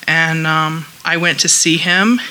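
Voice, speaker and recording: A woman talks at a support group in a chatty, animated way. Her voice is bright, and there is faint room noise behind her. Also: low-pitched, slow, rough recording. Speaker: group member sharing. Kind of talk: personal share at a support meeting.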